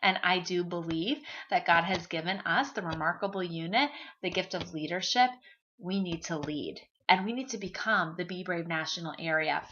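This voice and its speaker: A woman's voice: fairly low pitch, moderate pace, sharp tone. A woman from the United States giving an upbeat, chatty motivational talk to her sales team, emphatic and full of fillers. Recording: dull lo-fi recording.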